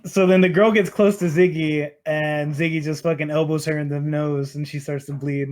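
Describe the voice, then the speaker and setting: A man's voice: a little high, level tone, normal speed, darkish tone. A man hosting a podcast who recaps a movie in casual chat, rambling and swearing, with many fillers. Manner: rambling, profane, lots of fillers. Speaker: podcast host.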